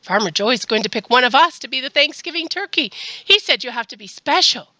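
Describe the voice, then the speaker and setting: Librarian for storytime: a woman reading to kids, coaxing and cheerful, high pitch. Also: expressive, fairly quick, bright, forceful tone, no echo. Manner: cheerful, coaxing questions to children. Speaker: children's librarian. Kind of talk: storytime reading and songs for children.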